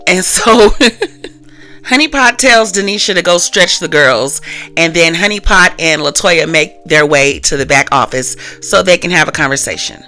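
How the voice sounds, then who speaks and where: A woman hosting a casual recap channel, retelling a skit in a chatty, animated way. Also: lowish voice, moderate pace, soft background music. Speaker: host.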